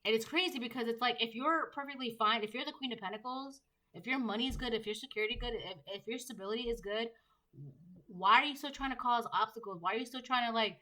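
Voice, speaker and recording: Bright-voiced woman giving a tarot reading. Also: fairly high pitch, rough recording. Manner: emphatic, repetitive rhetorical questions. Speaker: tarot reader. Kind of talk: collective tarot reading monologue.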